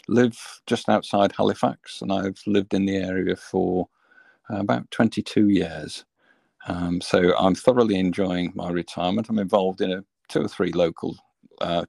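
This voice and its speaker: A man's voice: low voice, vocal fry, darkish tone, dry recording. A retired man, answering interview questions hesitantly, with many ums and uhs. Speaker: guest, retired volunteer.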